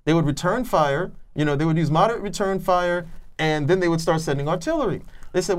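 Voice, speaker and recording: A man's voice: fairly high pitch, expressive, fast talker. A man on a podcast, chatting casually about films in a rambling way with many restarts. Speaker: podcast co-host. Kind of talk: casual film review chat.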